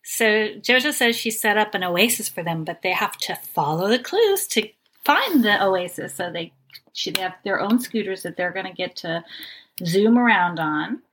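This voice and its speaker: Bright-voiced woman chatting casually. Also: medium pitch, animated, normal speed, slight background noise. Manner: chatty, recounts scenes with quoted lines. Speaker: podcast co-host. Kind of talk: casual recap chat.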